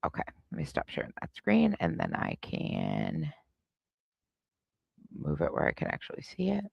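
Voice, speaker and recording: A woman hosts a live reaction stream and comments on clips with sarcastic, snarky asides. Her voice is gravelly with plenty of fry and swings widely in pitch. The sound is close and dry, with no room behind it. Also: huge pitch swings, moderate pace, no room sound, muffled recording.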